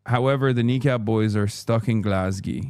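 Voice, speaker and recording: A man's voice: lowish voice, normal speed, a little mellow, clean tone, no room sound. A man in his thirties, a streamer reading a news article aloud and joking around in casual livestream commentary.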